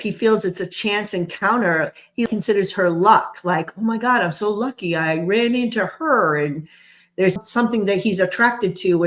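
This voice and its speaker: A woman giving a tarot reading, musing aloud and stressing single words for drama. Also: mid-range voice. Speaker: tarot reader. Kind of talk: channeled tarot reading commentary.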